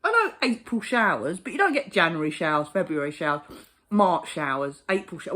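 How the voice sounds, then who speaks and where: A woman's voice: lowish voice, very animated, brisk, a bit bright. A woman ranting to camera in a casual vlog, exasperated and sweary, often laughing in disbelief. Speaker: vlogger.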